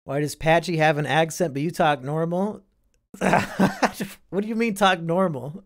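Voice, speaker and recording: A man's voice: fairly high pitch, unhurried. A young man from Iowa hosting a casual live stream, reading and answering chat with sardonic, profane banter.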